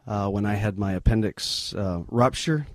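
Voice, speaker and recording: Man, middle-aged, low voice, dry close sound, earnest halting storytelling, missionary interview guest. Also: dry recording. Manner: earnest, halting, sombre retelling.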